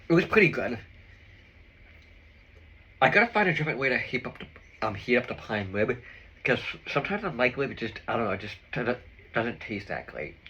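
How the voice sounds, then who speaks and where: A man's voice: on the low side, background noise. A man vlogging in casual chat with his viewers, rambling and opinionated with lots of fillers while he eats a meal.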